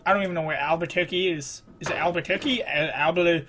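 A man with a fairly high voice talks through his gameplay and keeps breaking into exasperated groans and outbursts. A faint hiss sits under his voice, and a few clicks come through. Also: fast, fairly bright tone. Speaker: gamer. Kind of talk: frustrated gameplay commentary.

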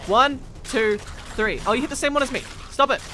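A man hosting a casual gameplay video, excitable, laughing often and swinging between mumbles and shouts. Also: extremely high pitch, brisk, soft background music. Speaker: gaming video host.

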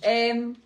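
A woman's voice: fairly high pitch, fairly bright tone. A young adult woman, co-hosting a haul review with playful, indignant banter and laughter. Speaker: vlogger co-host. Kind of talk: casual joking banter.

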